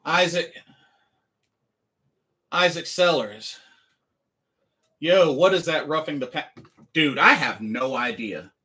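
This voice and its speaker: Guy on a livestream going over the game, keeps repeating himself, bright tense voice, kinda high. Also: animated, slow pace, pauses often. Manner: emphatic, repeats phrases over and over. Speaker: livestreamer and sports fan.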